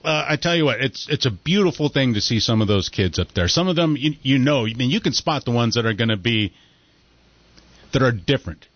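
A man's voice: medium pitch, expressive, a little fast, no room sound. Joking, rambling man in casual banter. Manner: joking, rambling, says dude a lot. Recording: dry, dull lo-fi audio.

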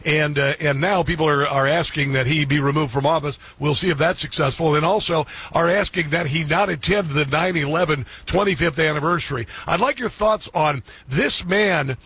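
Radio host guy, husky, laughs a ton, kinda muffled audio. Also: fairly high pitch, normal speed, few pauses. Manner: laughs a lot, excitable and mocking. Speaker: radio talk show host. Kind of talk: casual talk radio chat.

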